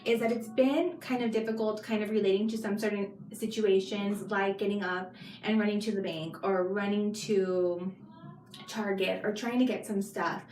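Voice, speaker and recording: A woman's voice: medium pitch, steady tone, normal speed, darkish tone. A young adult woman hosting a podcast, chatty and encouraging, asking her guest questions. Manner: chatty, encouraging, uses filler like. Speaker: podcast host. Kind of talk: casual podcast interview. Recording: roomy, distant mic, faint hiss.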